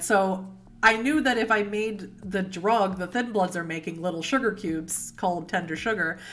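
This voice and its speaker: A woman's voice: medium pitch, a bit bright. A woman from Boston with a Boston accent, hosting a casual livestream, chatting with viewers in a rambling way and laughing often. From Boston, United States. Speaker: streamer host answering chat.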